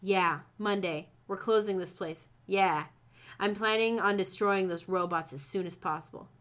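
A secretive woman manager with a bright, sharp-edged voice, brushing off questions with quick, defensive denials. A woman reads her aloud, putting on little more than her own voice. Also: mid-range voice, natural voice. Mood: scheming. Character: secretive woman manager, snappish when pressed.

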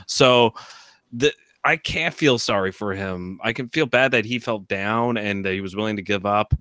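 A man's voice: on the low side, moderate pace, sharp tone, smooth, no echo, clean studio sound. A man co-hosting a casual recap podcast, rambling through his points with lots of "like" and "you know". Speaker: podcast co-host. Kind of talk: casual reality-TV recap chat.

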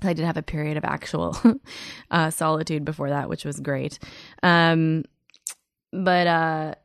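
A woman's voice: deep voice, measured pace, no room sound. A woman comedian telling stories as a podcast guest, full of fillers and restarts. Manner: animated storyteller with many fillers and restarts. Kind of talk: casual podcast chat.

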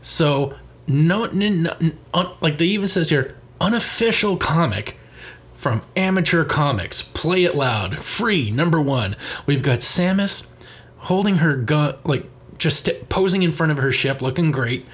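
A man's voice: a little high, lively intonation, measured pace. A man co-hosting a casual chat show, reading magazine letters aloud with sarcastic asides and frequent laughter. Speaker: podcast co-host.

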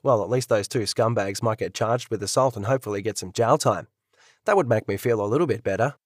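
A man's voice: fairly low pitch, fast talker, dry recording. Dry-voiced male narrator. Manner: wry, conversational. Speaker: audiobook narrator. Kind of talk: first-person audiobook narration.

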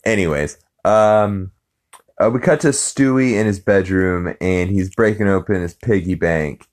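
A man's voice: low-pitched, unhurried. A man hosting a podcast, casually recapping a cartoon episode in a rambling way with many fillers. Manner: rambling, many ums and uhs, acts out quotes. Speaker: podcast host.

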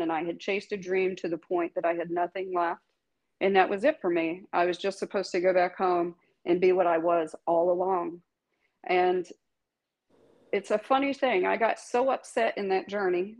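A woman's voice: lowish voice, darkish tone, lo-fi sound. A middle-aged woman, a tattoo artist, telling her life story candidly in an interview, emphatic and laughing often, swearing casually.

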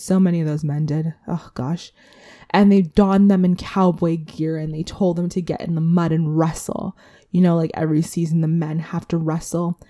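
A woman's voice: fairly low pitch, mellow. A woman hosting a casual solo podcast recap, chatty and candid, with swearing and asides to herself. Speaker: podcast host.

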